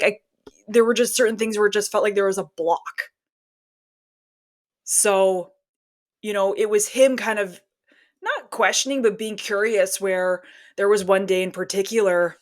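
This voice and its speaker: A woman in her forties, appearing as a podcast guest, casually tells a personal story with quick laughs and acted-out bits of dialogue. She has a mid-range voice with fairly even intonation.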